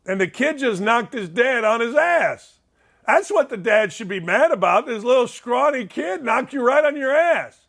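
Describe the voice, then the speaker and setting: A man's voice: very high-pitched, very animated, normal speed, creaky. Blunt, wisecracking male show host. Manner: blunt, wisecracking, bursts into shouted disbelief. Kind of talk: casual reaction commentary on viral clips.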